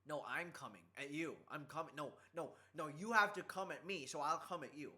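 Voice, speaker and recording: Bright-voiced boisterous young man. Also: fairly high pitch, a little fast. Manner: teasing, boisterous, prone to shouting. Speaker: streamer. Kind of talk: casual chat.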